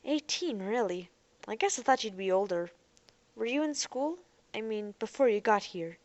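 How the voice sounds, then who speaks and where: A woman voicing a young woman who talks calmly and coaxingly to keep someone talking. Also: mid-range voice, normal speed, natural voice. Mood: sympathetic. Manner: soothing, coaxing. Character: young woman, calm and persuasive.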